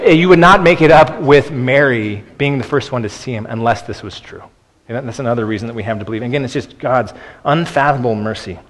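Male pastor, mid-pitched voice, earnest conversational preaching, long church reverb. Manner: earnest, conversational with frequent restarts and "okay". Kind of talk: sermon.

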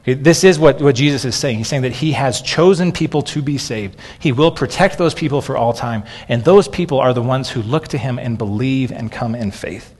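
A pastor in his thirties delivers a sermon conversationally, stumbling over words, restarting, and leaning heavily on "okay." His middle-pitched, slightly rough voice has a darkish tone and moves fairly quickly with few pauses. A long reverb tail makes it ring out as if in a large hall.

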